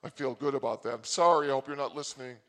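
A man hosting a comedy show, telling a rambling story with loud bursts and quick asides. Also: mid-range voice. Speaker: comedy host. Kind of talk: rambling comic monologue.

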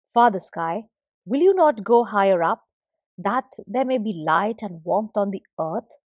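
A woman telling a story and voicing the Shining One, an earnest young son who pleads gently with his parents. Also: mid-range voice, animated, unhurried, no echo.

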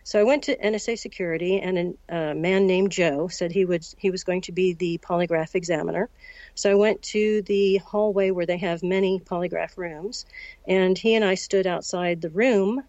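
A woman in her sixties from the United States, recounting a personal story as an interview guest in a measured way and acting out the dialogue. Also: on the low side, fairly even intonation, darkish tone, no echo. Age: 60s. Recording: dull, lo-fi recording.

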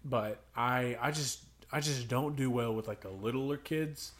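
A man's voice: mid-range voice, a little slow. Young male podcast co-host, casual storyteller who acts out kids' voices. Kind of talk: casual chat.

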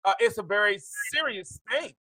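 A man hosting a live interview show, animated and quick to laugh, talking to his audience. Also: high voice, dry recording, rough recording. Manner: animated, excitable, laughs often. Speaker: host.

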